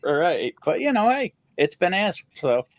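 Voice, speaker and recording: A playful male host chatting on a livestream, his voice sitting high and swooping all over the place as he jokes and greets viewers. The sound is close and dry, with no room around it. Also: big pitch swings, normal speed, dry recording. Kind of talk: casual livestream chat.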